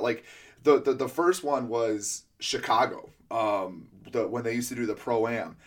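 A man's voice: medium pitch, a little slow. A man hosting a casual interview, a coach who rambles with many restarts and fillers. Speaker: podcast host and throwing coach.

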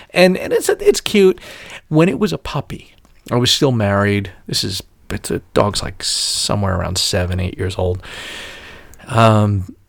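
Middle-aged man, casual podcast storyteller, swears a lot, lively pitch, dry close sound. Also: dry recording. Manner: profane, animated, rants in exaggerated voices.

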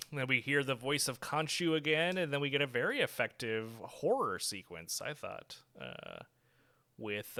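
A man co-hosts a casual podcast chat about a TV episode. His voice is bright and smooth, and he laughs often. He fills his talk with fillers and quick self-corrections. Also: medium pitch. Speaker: podcast co-host.

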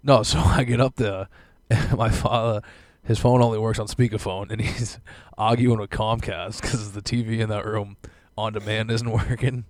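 A man's voice: on the low side, steady tone, normal speed, hardly any pauses, dry recording. A young man hosting a casual podcast from home, a stand-up comic who laughs often and jokes crudely.

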